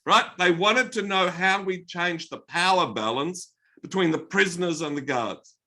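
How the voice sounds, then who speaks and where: A man's voice: sits high, normal speed. An Australian man giving a motivational keynote talk, telling stories with energy. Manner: energetic anecdotal storytelling. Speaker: keynote speaker.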